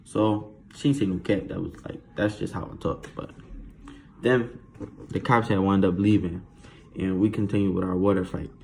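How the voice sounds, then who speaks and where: A man spins a childhood story in a casual, slangy, animated flow. His voice sits somewhat low, and faint noise hangs in the background. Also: moderate pace, gravelly.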